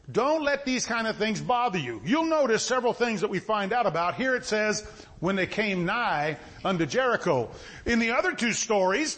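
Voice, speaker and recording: A man's voice: high-pitched, fairly bright tone. A man preaching a sermon in a folksy style, asking his listeners questions again and again. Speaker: pastor.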